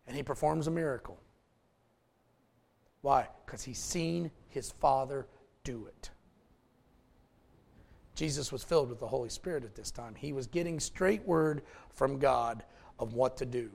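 A male pastor preaching a folksy, animated sermon with asides to the congregation. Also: medium pitch, a little slow, creaky, pauses often.

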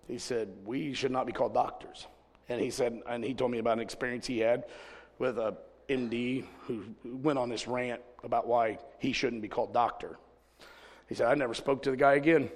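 A man preaching a sermon to a congregation, telling folksy stories and swinging from loud exclamations to quiet asides. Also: medium pitch, steady tone, normal speed, big-room sound. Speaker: pastor. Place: church service.

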